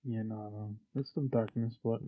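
A man's voice: on the low side, moderate pace. Male co-host, supportive and thoughtful, recorded on a muffled lo-fi mic. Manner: calm, supportive, reflective. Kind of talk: casual chat.

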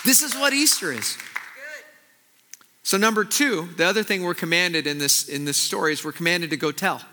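Bright-voiced man preaching a sermon. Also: moderate pace, long reverb tail, some chatter behind. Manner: earnest preaching that swings to hushed, intense low passages. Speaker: pastor.

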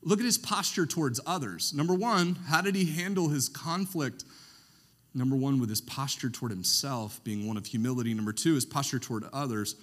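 A man preaching a sermon, who often pauses so that the congregation can finish his sentences. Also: mid-range voice, expressive, a bit bright. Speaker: pastor.

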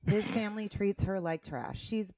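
A woman co-hosting a podcast who speaks in a quiet, hesitant way during casual chat. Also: mid-range voice, normal speed, no room sound. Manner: soft-spoken, quiet and hesitant. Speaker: podcast co-host.

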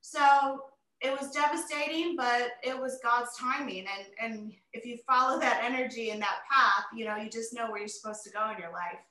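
Forties woman interview guest, animated and emotional, high and bright; echoey room. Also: normal speed. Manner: animated, emotional storytelling with many fillers. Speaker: interview guest, retired wrestler. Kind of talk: casual interview chat.

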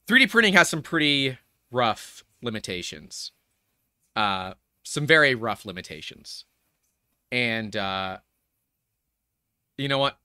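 A man's voice: medium pitch, very animated, pushed and bright, clear, resonant tone, dry recording, studio quality. Tense, upset male live streamer. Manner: halting, stammering restarts and heavy sighs. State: upset and anxious. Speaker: live streamer and show host. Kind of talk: live-streamed tech talk.

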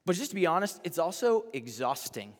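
A man's voice: high-pitched, sing-song, fairly quick. A young man from Texas with a Texan accent, preaching a chatty, earnest sermon as a campus pastor, often restarting his phrases. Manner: earnest and chatty, with many false starts and repeated words. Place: large hall. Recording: live hall with long reverb.

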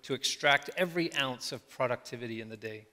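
Reflective middle-aged man preaching in a hall. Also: mid-range voice. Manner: reflective, slow with soft trailing endings. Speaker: pastor. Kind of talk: sermon. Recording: long hall reverb.

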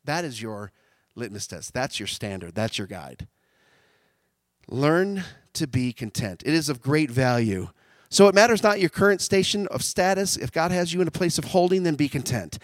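A man preaching a sermon, animated, swinging from loud shouts down to quiet, intimate tones. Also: fairly high pitch, moderate pace, no room sound.

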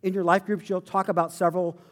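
A male pastor preaching a sermon, telling a story with animated, self-deprecating humor. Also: sits high, fast.

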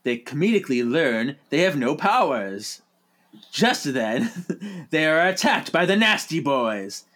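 A man co-hosting a casual podcast, playful and quick to laugh. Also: on the high side, sing-song, a bit bright. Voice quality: playful, quick to laugh, does silly voices. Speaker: podcast co-host.

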